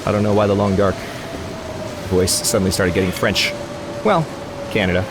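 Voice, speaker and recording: A man's voice: deep voice, fairly even intonation, moderate pace, background noise. A man hosting a let's play, rambling through gaming commentary and grumbling at the game in exasperated asides. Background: game music.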